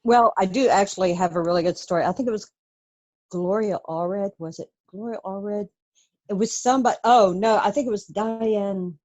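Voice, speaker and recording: Middle-aged woman guest, lively storyteller, quick to laugh, everyday pitch. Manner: animated, laughs while telling stories. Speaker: true crime author, guest. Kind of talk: casual interview storytelling.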